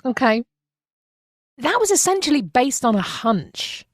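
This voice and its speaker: A woman interviewer asking probing, measured questions. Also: high-pitched, very animated, dry recording.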